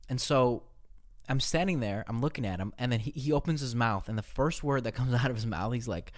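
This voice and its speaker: A man co-hosting a casual podcast, telling rambling, profane anecdotes in an animated way. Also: mid-range voice, fairly quick. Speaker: podcast co-host.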